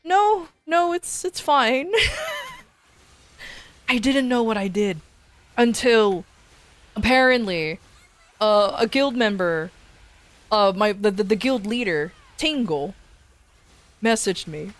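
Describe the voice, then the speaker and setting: A woman's voice: medium pitch, sing-song, takes it slowly, long pauses. A woman streamer telling a rambling story in a casual chat, swearing and restarting often.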